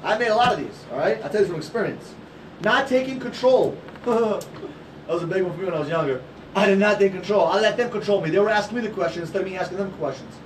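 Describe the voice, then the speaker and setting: A man giving a loud, passionate and profane motivational sales talk to a group, firing off rhetorical questions. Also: sits high, distant mic, slight background noise, rough recording. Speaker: sales trainer.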